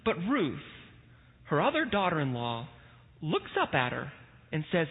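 A male pastor preaching a sermon in a church, telling a story with lively energy and the occasional "uh.". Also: on the high side, moderate pace, husky. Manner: storytelling, animated, with frequent filler "uh". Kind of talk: sermon with scripture reading. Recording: tinny phone-like sound in a reverberant hall.

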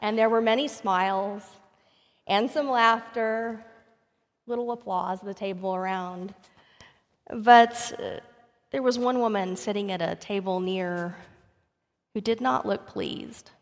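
A woman's voice: medium pitch, slow, pauses often. A woman pastor preaching a sermon, telling a story and rising to emphatic questions. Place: church sanctuary. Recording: long reverb of a church sanctuary.

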